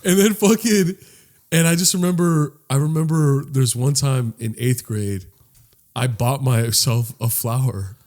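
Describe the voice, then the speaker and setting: Speaking in an unhurried, mid-range voice, a young man co-hosting a podcast recounts a humorous story from his childhood. He's animated and casual, performing the voices of each character.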